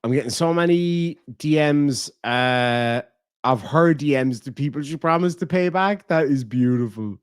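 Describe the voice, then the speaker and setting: A man's voice: on the high side, unhurried, clear, resonant tone, dry recording, studio quality. A man with an Irish accent hosting a casual livestream, reading donations and talking bluntly with lots of swearing. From Ireland. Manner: blunt and profane, animated swings in loudness. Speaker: livestream host.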